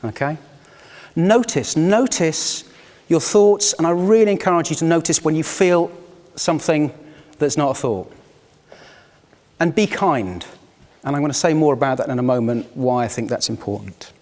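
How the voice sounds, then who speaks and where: Male facilitator, fairly high voice, reflective and inviting, recorded in an echoey conference room. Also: expressive, normal speed, darkish tone. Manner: reflective, inviting, personal storytelling. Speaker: workshop facilitator. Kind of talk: live workshop talk to a group. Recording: long hall reverb.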